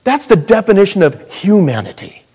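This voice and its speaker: Animated jokey male preacher. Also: normal speed, breathy edge. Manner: animated, jokey preaching with sudden loud high bursts. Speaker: pastor. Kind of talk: sermon.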